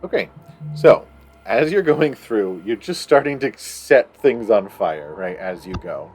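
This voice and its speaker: A man narrating as game master of a tabletop game, relaxed and laughing, drawing his descriptions out. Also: fairly low pitch, measured pace, a little hiss or hum.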